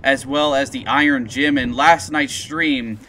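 A young man chatting on a live gameplay stream, excitable and profane, telling stories in slangy talk. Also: mid-range voice, a little slow, slight background noise. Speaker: gaming streamer.

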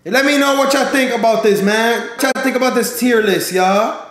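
A man's voice: very high voice, moderate pace, fairly bright tone, roomy sound. A man live streaming in casual chat, slangy and talking straight to his viewers, often repeating himself.

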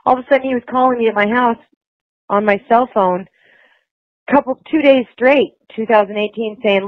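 A woman's voice: fairly high pitch, normal speed, no room sound. Rambling woman on a tinny phone line. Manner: rambling and emotional, with many restarts. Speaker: interview guest. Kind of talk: phone interview.

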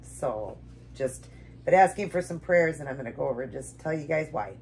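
Low-voiced woman, tearful and earnest. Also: animated, normal speed, darkish tone, a little hiss or hum. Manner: tearful, earnest, repeats herself. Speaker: keto vlogger. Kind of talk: emotional devotional vlog with prayer and eating.

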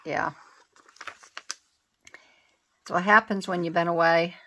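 Female craft vlogger, bright voice, chatty and self-deprecating, casual running commentary while she works. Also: lowish voice, steady tone, slow, creaky. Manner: chatty, self-teasing, scatterbrained. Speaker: craft channel host. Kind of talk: casual crafting vlog chat.

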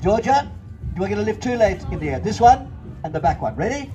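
A man's voice: high voice, very animated, fairly quick. A man performing a comedy children's show, directing young volunteers with bossy, theatrical showman banter. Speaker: children's entertainer. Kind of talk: comic audience-participation patter. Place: outdoor festival stage.

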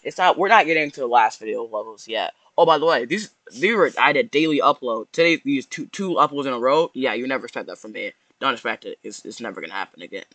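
A young man rambling through casual reaction commentary, slangy and mock-sorrowful, with restarts and drawn-out sighs. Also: medium pitch, lively intonation, a bit bright, no echo. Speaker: YouTuber reacting to posts.

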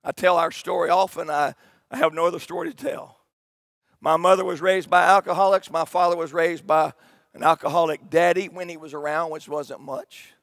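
A middle-aged pastor preaches in a high, ringing voice. He shouts his key points, then drops to a hushed tone for personal stories. The sound is dry and close, with little room around it. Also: steady tone, moderate pace, dry recording. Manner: swings from shouted emphatic preaching to quiet storytelling. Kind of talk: sermon.

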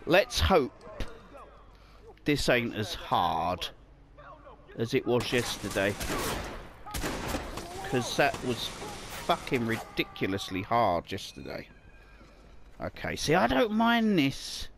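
A man's voice: on the low side, big pitch swings, takes it slowly, pauses often, noisy background. A man casually commenting on his own gameplay, muttering to himself and swearing often. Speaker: let's play gamer.

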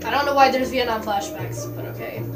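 A woman's voice: a little high, brisk. A young woman gaming streamer giving casual gameplay commentary, full of profane, bemused running reactions. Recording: roomy, distant mic with loud game music.

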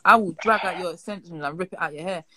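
A woman's voice: fairly low pitch, fast talker, a crowd in the background. A woman taunting a streamer over a phone live call, repeating her jabs. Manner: mocking, repetitive taunts. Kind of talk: taunting argument.

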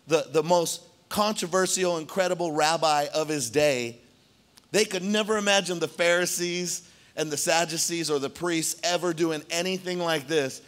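A man preaching a sermon in a church, conversational and animated, often checking in with the congregation. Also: a little high, moderate pace. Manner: conversational, animated, frequent "right?" asides. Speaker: pastor.

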